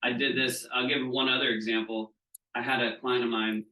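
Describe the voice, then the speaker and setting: Recorded from a distance in an echoey room, this Southeast Florida trainer voices the characters in his stories for the group, tagging lines with "right?" His mid-range delivery is flat, sharp-toned, and moderately paced.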